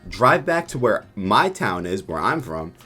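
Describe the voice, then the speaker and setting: A man's voice: lowish voice, measured pace, soft background music. A young man telling a rambling, profane story in a casual vlog, acting out the people he met. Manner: profane, rambling, animated retelling.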